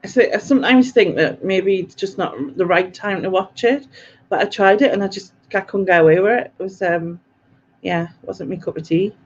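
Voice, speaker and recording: A woman's voice: mid-range voice, normal speed, muffled recording, a little hiss or hum. A woman hosting a live quiz stream, chatty and self-mocking, laughing often as she reads out viewer comments. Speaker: quiz host.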